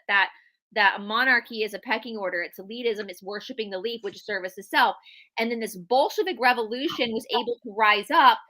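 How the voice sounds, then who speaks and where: Southern US woman, guest historian; opinionated and chatty, fairly high and bright. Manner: opinionated, chatty, restarts often. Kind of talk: casual livestream chat.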